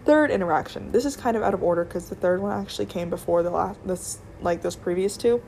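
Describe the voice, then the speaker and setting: A woman's voice: on the low side, fast, creaky, a little mellow, a little hiss or hum. A young woman chatting casually through a storytime vlog about her retail job, rambling with lots of "like" and restarts. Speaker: retail worker telling work stories.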